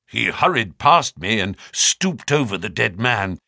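Man narrating an audiobook, lively. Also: lowish voice, a little slow, vocal fry, few pauses, dry recording, studio quality. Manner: expressive, lively storytelling.

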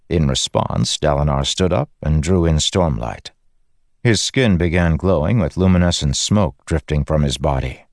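A man reading an audiobook in scripted narration, with an even, deliberate delivery. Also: rumbling low, gravelly, no room sound, clean studio sound.

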